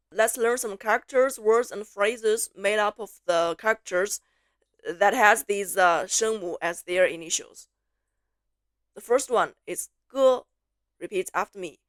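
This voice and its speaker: A woman teaching pronunciation, slowly repeating syllables and words for learners to copy, switching between English explanations and drills. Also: mid-range voice, no echo, clean studio sound. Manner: slow, clear repetition, drawn-out syllables for learners. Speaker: Mandarin teacher.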